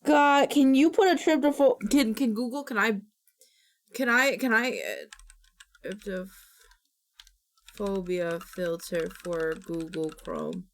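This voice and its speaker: A young woman streaming and chatting casually, taking her time with each phrase. She reacts big, with shrieks, groans and stumbling restarts. Her pitch sits in a middle range for a woman. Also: big pitch swings, slow, long pauses, slight background noise. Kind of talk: casual live-stream chat.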